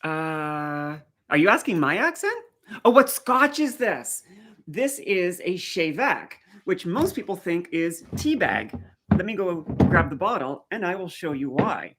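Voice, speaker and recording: A woman's voice: on the low side, very animated, a little slow, a bit bright. Middle-aged woman from the maritimes, faint accent left, live stream chat, talks back to viewer comments. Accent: faint Maritime Canadian. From Canadian Maritimes. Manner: chatty, answers viewer comments as she goes.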